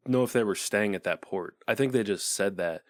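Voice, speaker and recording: A man co-hosting a movie podcast, easygoing and agreeable in casual chat, and quick to laugh. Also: on the low side, no room sound, clean studio sound. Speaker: podcast co-host.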